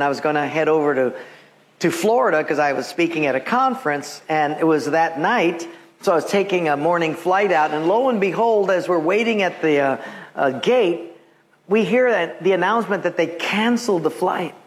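High-voiced pastor telling a lively sermon story. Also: male voice. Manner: animated storyteller, acts out voices, laughs often.

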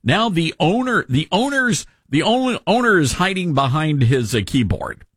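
A man's voice: a little high, very animated, moderate pace, a bit bright, slightly rough, no room sound. A man hosting a talk radio show, reading quotes and adding sarcastic, mocking asides from a studio microphone.

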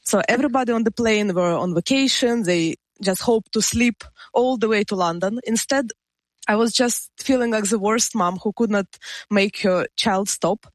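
A woman telling a story in a plain, measured way. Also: medium pitch, dry recording. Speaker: podcast guest. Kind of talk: casual storytelling.

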